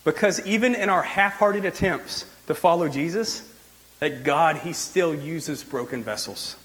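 High-pitched male pastor, casual sermon delivery, relaxed conversational preaching. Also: measured pace, poor audio. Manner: conversational preaching with frequent "like" and restarts.

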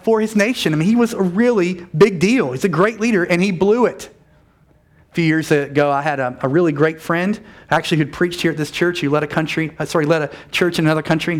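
A man preaching a sermon to his church, his voice sitting a touch higher than most men's. He talks in a conversational, animated way, catching himself mid-sentence and tossing in quick asides. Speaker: pastor.

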